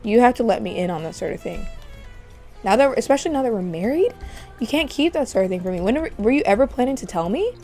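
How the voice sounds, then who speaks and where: A woman's voice: fairly high pitch, expressive, fast, warm tone, soft background music. A woman voicing a young bride in a life-sim game, firm and earnest with her husband.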